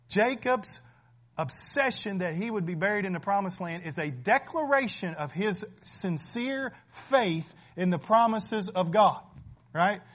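A man's voice: high voice, lively intonation, unhurried, a bit bright. A man preaching a sermon as pastor, emphatic and conversational, often checking in with his listeners. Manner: emphatic, keeps asking "right?", laughs between points.

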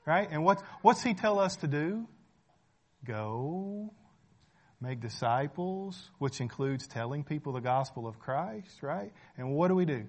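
A man delivering a sermon with a fairly high voice. He talks casually, poses questions to his listeners and repeats key phrases to drive them home. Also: lively intonation, unhurried. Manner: rhetorical questions, often checking in with "right?"; repeats phrases for emphasis, conversational. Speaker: preacher.

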